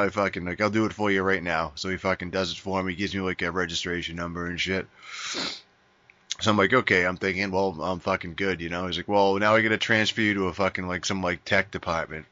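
A man's voice: low voice, sharp tone, no room sound. A man telling a long, profane, rambling story in casual chat on a podcast, saying dude a lot. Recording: dull lo-fi sound.

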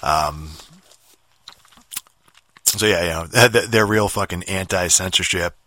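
A podcaster rants through a casual monologue in a low, bright, forceful voice at a measured pace, with no room sound. He swears constantly, rambles, and keeps restarting sentences, filling gaps with fillers.

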